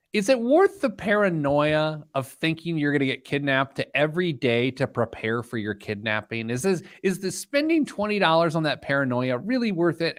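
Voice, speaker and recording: A man's voice: fairly high pitch, no echo, clean studio sound. A man hosting a radio finance talk show in casual chat, joking and telling stories. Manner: joking, animated storyteller. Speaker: show host.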